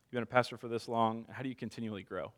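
A man's voice: mid-range voice, fairly even intonation, rapid-fire, fairly bright tone. A man in his thirties preaching a sermon as a pastor, conversational, telling stories with self-deprecating humor.

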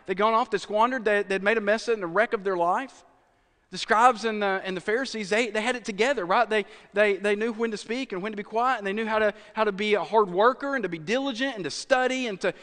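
A man's voice: very high voice, a bit bright, long reverb tail. A man preaching a sermon in a conversational way, dropping at times from full voice to a near whisper. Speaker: pastor.

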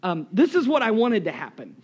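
A man with a high voice preaches to his congregation. He is losing his voice and sounds hoarse. He tells lively, self-mocking stories into a live microphone in a church. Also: brisk. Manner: animated, self-deprecating storyteller. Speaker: pastor. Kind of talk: live sermon with storytelling.

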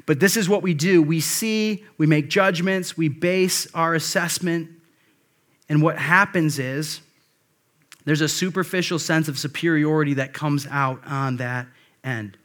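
A man's voice: on the high side, a little slow, fairly bright tone. A male pastor delivering a conversational sermon, with frequent asides and restarts.

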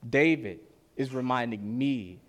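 A man preaching a sermon to his church, earnest and slowing down to stress key lines. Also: mid-range voice.

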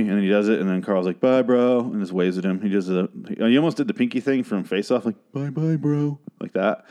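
A man's voice: deep voice, warm tone. Ranting, sarcastic man podcast host. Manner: sarcastic, ranting, profane, rambling. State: voice getting hoarse. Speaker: podcast host recapping a TV episode. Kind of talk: casual profane rant.

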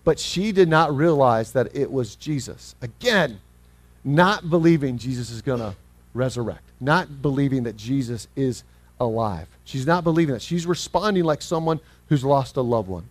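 A man preaching a sermon as pastor, earnest, reading scripture slowly and acting out the people in the story. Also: mid-range voice, lively intonation, dry recording. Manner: earnest, acts out scripture quotes; slows down when reading scripture.

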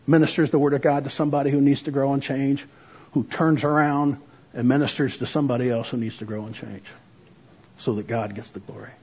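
Man lecturing, husky voice, earnest and urging, muffled lo-fi recording. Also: mid-range voice, darkish tone. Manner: earnest, exhorting, with frequent "uh" fillers. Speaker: biblical counseling teacher.

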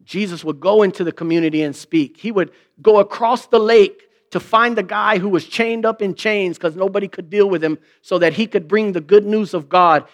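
A man preaching a sermon in a conversational way, asking rhetorical questions and acting out quoted remarks in mock voices. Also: high-pitched. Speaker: pastor.

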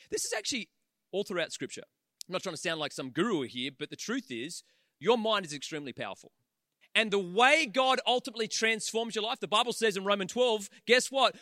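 A man around forty preaching a sermon in a large auditorium, an animated storyteller who throws quick humorous asides to his audience. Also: high voice, no echo, clean studio sound. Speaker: pastor.

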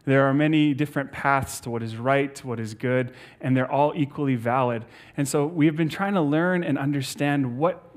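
A man preaching a sermon as a pastor, upbeat and playful, laughing easily as he leads the talk. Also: mid-range voice.

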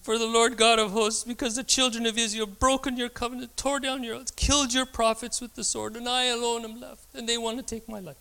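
A preacher putting on a high, whining voice for a self-pitying male prophet who is complaining. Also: little pitch movement, brisk, creaky, few pauses, pushed and bright, heavily acted. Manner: high strained whine.

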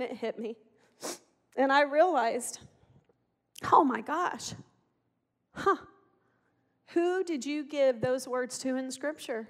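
A middle-aged woman with a high voice tells her story from the pulpit in an earnest, impassioned way. Her words ring out with a long reverb, as in a large hall. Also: a bit bright. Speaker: speaker giving testimony. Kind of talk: sermon testimony. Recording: echoey hall.

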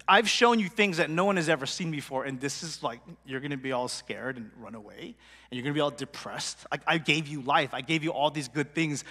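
A man voicing an exasperated male God scolding a prophet, in a low, quiet voice. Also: breathy edge, long reverb tail, exaggerated voice.

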